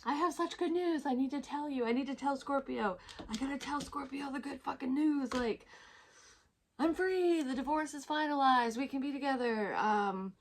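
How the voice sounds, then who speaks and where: A woman's voice: high voice, pitched above the performer's own voice, poor audio. A woman doing a squealing, giddy lover. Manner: squealing, excited, rushed. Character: giddy lover bursting with good news.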